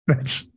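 A man hosting a talk show, reading out listener questions and trading wry, deadpan jokes in casual chat. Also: no echo. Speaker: show host.

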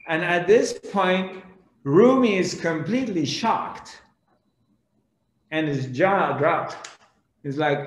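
A spiritual teacher tells a parable slowly, leaning on long pauses. His voice sits a bit high for a man, and the recording sounds roomy and echoey. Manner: slow, dramatic storytelling with pauses. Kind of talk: storytelling discourse.

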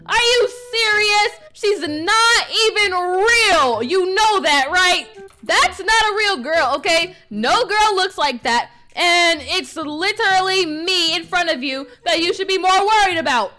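A woman's voice: very high voice, lively intonation, unhurried, pushed and bright, soft background music. A woman narrating and acting a game role-play in a sassy, bossy, slangy way.

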